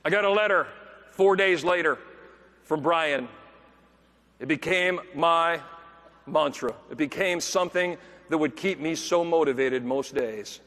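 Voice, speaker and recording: Animated male keynote speaker in a hall. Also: a little high, unhurried, long pauses. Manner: animated, acts out quoted voices. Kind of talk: storytelling keynote speech. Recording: long hall reverb.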